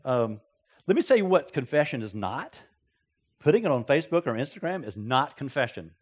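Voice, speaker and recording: A man preaching a sermon, telling stories with folksy asides and sudden loud exclamations. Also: medium pitch, very animated, moderate pace, breathy edge. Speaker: pastor.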